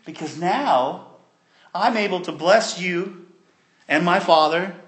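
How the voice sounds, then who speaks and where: A man voicing a powerful biblical man who gently reassures his brothers in a sermon retelling. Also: high-pitched, slow pace. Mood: reassuring. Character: forgiving powerful man, calm and kind.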